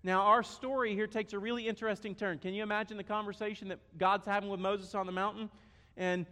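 A man's voice: high-pitched, flat delivery, quick pace, bright, forceful tone. A man preaching a sermon, emphatic and repeating key phrases. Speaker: pastor. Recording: echoey hall.

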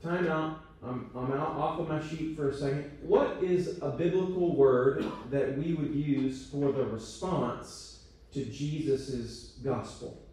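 This man, a church teacher, gives a training talk with casual check-ins and joking asides at his own expense. His voice runs on the high side, slow and dark in tone. It was recorded in a church meeting room with strong echo, the voice distant.

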